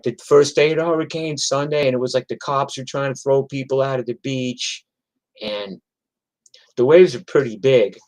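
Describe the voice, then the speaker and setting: A middle-aged New York musician, speaking in a mid-range voice, rambles through profane stories in a casual monologue packed with "like" and "you know." The audio quality is poor.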